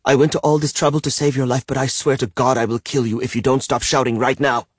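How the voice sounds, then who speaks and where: A man's voice: mid-range voice, fast talker, breathy edge, dry recording, studio quality, voice pushed up, natural voice. A man voicing a cool, blunt young woman. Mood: dry, blunt. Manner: calm, curt and matter-of-fact. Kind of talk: audiobook character voice.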